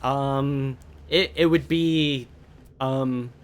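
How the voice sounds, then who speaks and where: A man narrating a tabletop game as game master, often pausing with fillers as he describes scenes. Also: mid-range voice, steady tone, smooth. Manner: hesitant, filler-heavy narration.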